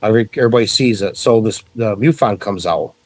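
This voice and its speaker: A middle-aged man from central New York, telling a story as a podcast guest in a casual, animated way with frequent swearing. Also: on the low side, quick pace, no room sound.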